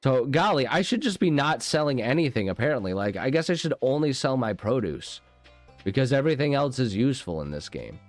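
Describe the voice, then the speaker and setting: In a dry recording, a man with a medium-pitched voice and lively intonation talks briskly through a casual let's play. As the gaming channel host, he is goofy and rambling and often breaks off mid-thought, with game music behind him.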